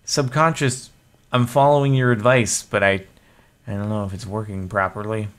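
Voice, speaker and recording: A man's voice: fairly low pitch, fairly even intonation, normal speed, clean tone. Jokey man doing game commentary. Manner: jokey, self-mocking, chatty. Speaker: gaming video host.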